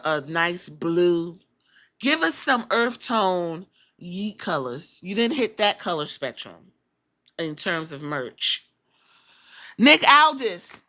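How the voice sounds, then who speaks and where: A woman's voice: mid-range voice, expressive, takes it slowly, sharp tone. A woman hosting a casual wrestling recap podcast, sassy and profane, acting out the people she talks about in put-on voices. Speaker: podcast host.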